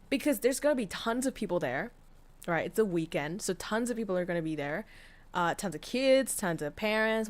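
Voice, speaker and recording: A woman streamer telling a story in casual chat, candid and profane, with many fillers and restarts. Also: mid-range voice. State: tearful, voice breaking. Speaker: VTuber streamer.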